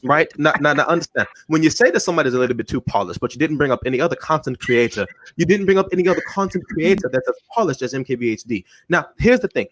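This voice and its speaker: A man on a live panel chat who talks quickly, repeats words as he starts over, and lectures his point. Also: fairly high pitch, lively intonation, no room sound. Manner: rapid, stammering repeats, lecturing.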